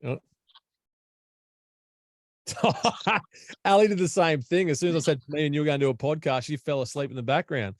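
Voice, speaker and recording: A man's voice: on the high side, moderate pace, pauses often, dry recording, clean studio sound. An Australian man hosting a casual podcast over an online call from home, chatty, blunt and matey. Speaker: podcast host.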